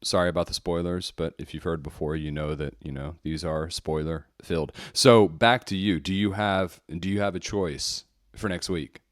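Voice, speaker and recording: A man's voice: low voice, steady tone, moderate pace, few pauses, no echo, clean studio sound. A man co-hosting a casual movie podcast, easygoing and chatty. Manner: easygoing, chatty, laughs along. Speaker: podcast co-host.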